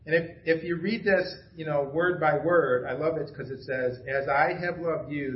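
A man's voice: on the high side, normal speed, few pauses, slight background noise. A middle-aged man preaching an informal, conversational sermon, self-deprecating and asking the room questions. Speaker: pastor. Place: small church room. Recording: echoey room from far off, dull sound.

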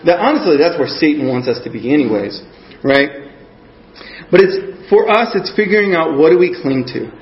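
A man's voice: fairly high pitch, expressive, moderate pace. A man giving a conversational sermon, earnest and often checking in with his listeners. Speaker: preacher. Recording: echoey muffled room recording.

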